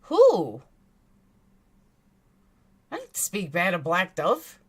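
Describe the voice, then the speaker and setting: Woman, New York accent, livestream host, blunt and indignant, lively pitch, bright tone. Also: measured pace. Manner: indignant, blunt, swears freely. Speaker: true crime commentary host. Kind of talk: livestream commentary, reading chat.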